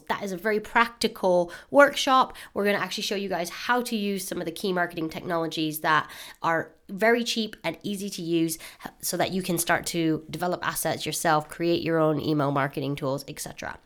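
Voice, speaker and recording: A woman hosting a podcast, giving an upbeat, eager promotional announcement with animated emphasis. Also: on the low side. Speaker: podcast host.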